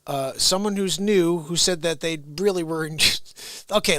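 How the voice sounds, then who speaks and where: A middle-aged man hosting a livestream, chatting and ranting comically to viewers, dropping to whispers and jumping to shouts. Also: high voice, moderate pace, no echo. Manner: excitable, swings from whispers to shouts; playful comic ranting to the chat. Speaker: livestream host. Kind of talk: animated livestream chat.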